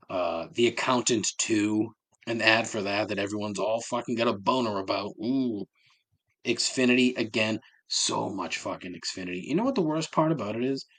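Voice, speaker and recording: A man's voice: on the low side, breathy edge. A man hosting a solo podcast, ranting with sarcasm and heavy swearing. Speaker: podcast host.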